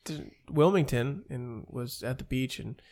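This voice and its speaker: A man from Ohio hosting a podcast, telling stories loudly in casual chat with friends. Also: mid-range voice, a little slow. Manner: loud, animated storyteller. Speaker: podcast host.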